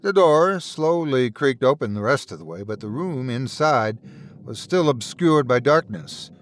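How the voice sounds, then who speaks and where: Guy narrating a scary story, lively pitch, pretty dramatic. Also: measured pace. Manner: expressive, dramatic. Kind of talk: scripted horror narration.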